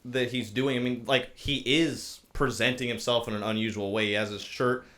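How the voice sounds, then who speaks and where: A man's voice: mid-range voice, steady tone, normal speed, fairly bright tone. A man co-hosting, chatting casually about a TV scene with lots of "like" fillers.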